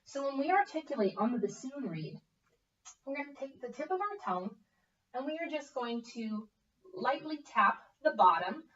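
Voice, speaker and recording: A woman's voice: high voice, very animated, moderate pace, a bit bright. Young woman, teacher, encouraging, distant mic, muffled audio. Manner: upbeat, coaching with frequent okay checks. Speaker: bassoon teacher. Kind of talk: encouraging one-on-one music lesson. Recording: echoey, distant, dull room audio.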